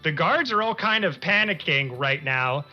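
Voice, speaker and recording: Male GM, bright tense voice, rambling scene narration, muffled mix with faint music. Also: on the high side, normal speed. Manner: animated, rambling descriptions. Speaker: game master. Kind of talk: narrating a tabletop game. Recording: muffled stream audio with music.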